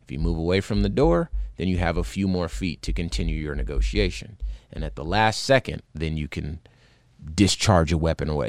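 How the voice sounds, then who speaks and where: Speaking a little fast in a low register, this podcast host describes a video and reacts with sincere indignation, often stumbling over fillers and starting sentences again. The studio-quality audio has no echo.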